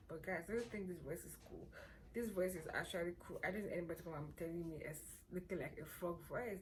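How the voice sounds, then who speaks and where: A young woman with a Nigerian accent chatting playfully to camera as a vlogger, hoarse from a cold and sore throat. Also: lowish voice, fast talker, a little hiss or hum. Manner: chatty, playful and self-assured. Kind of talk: casual chat to camera.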